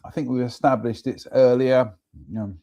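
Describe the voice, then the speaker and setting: Chatty man, mellow voice. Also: medium pitch, steady tone, normal speed. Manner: chatty, self-mocking asides between readings. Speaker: host reading ghost stories. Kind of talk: casual live-stream reading and chat.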